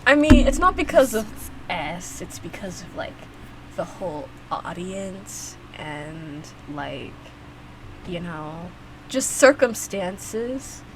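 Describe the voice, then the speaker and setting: A woman's voice: fairly low pitch, very animated, takes it slowly, noisy background. A young woman hosting a reaction video, talking casually and rambling with lots of fillers and restarts. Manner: chatty, rambling, frequent fillers and restarts, laughs often.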